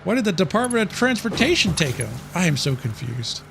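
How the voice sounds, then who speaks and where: Chatty male game streamer, slightly high. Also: big pitch swings, a little fast, creaky, noisy background. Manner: chatty, easily confused, reacts to chat aloud. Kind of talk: casual live gameplay commentary.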